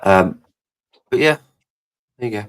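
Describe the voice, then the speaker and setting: Deep-voiced man, casual sweary chat. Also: expressive, unhurried. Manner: swears freely, rambling and jokey. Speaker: podcast co-host. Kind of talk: casual live-stream chat.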